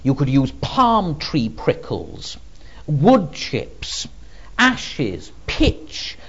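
A man preaching an expository Bible teaching, emphatic and expressive, with frequent ums. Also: fairly high pitch, drawn-out words, husky, highs cut off.

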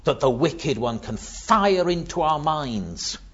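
Slow, animated, husky male preacher. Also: fairly high pitch, muffled recording. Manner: dramatic, swings from hushed to loud. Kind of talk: sermon.

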